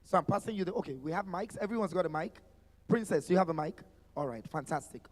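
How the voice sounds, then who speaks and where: A man's voice: fairly high pitch, quick pace, in a large hall. A man with a Nigerian accent hosting a live expo panel, teasing guests and hyping them up in a playful sing-song way. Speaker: event host. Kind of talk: lively live event emceeing. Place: expo stage with music behind.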